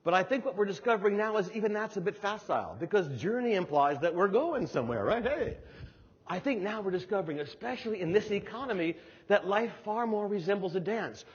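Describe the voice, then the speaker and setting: A man's voice: high-pitched, fairly quick, breathy edge. An older man giving a motivational keynote speech, telling stories with emphatic repetition. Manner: animated storytelling, emphatic repetition. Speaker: keynote speaker. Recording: dull sound with long hall reverb.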